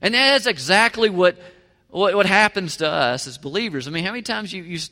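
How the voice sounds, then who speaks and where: Preaching in a church, a male pastor talks to listeners conversationally, stressing points and often asking them questions. His high voice is expressive and sharp, running a little fast. The recording carries the long echo of a large hall.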